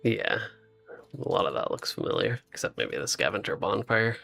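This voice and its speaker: A deep-voiced man with vocal fry streams a co-op survival game at normal speed, soft music playing behind him. Sleepy and yawning late at night, he chats casually and rambles between tasks, laughing often in a relaxed way.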